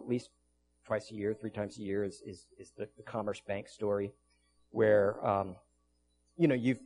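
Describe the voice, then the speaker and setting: A male pastor preaching a sermon in an earnest, storytelling way, with frequent restarts, ending in prayer. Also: medium pitch.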